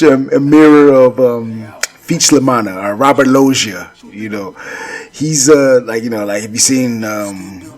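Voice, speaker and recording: A man's voice: medium pitch, a little mellow. A man casually commenting on his own series from home, rambling, with many filler phrases and restarts.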